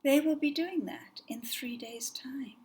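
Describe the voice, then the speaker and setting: Woman doing a kind white cat queen, storybook, soft, hushed, reassuring. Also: high voice, unhurried.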